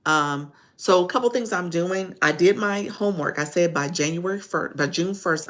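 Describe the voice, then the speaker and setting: A woman's voice: on the low side, normal speed, hardly any pauses, a bit bright. A woman with a Chicago accent, a live-streaming coach talking casually and chattily, often laughing as she rambles. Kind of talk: casual livestream talk.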